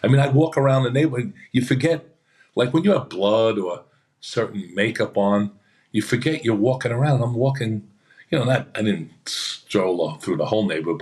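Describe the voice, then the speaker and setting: A man, an actor on a podcast, telling rambling anecdotes in a chatty way and acting out what others said. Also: low voice. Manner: chatty, acts out quoted voices. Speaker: actor guest.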